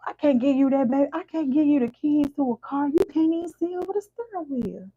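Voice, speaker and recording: A woman's voice: high voice, expressive, fairly quick, narrow, tinny audio, pitched above the performer's own voice. A woman voicing God as a male figure who scolds in teasing, exclamatory street talk. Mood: scolding.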